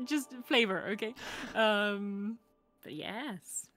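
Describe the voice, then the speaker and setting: Slow-talking laughing woman game master. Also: medium pitch, fairly bright tone. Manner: laughs often, rattles off lists playfully. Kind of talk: casual post-session chat. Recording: faint music behind the voice.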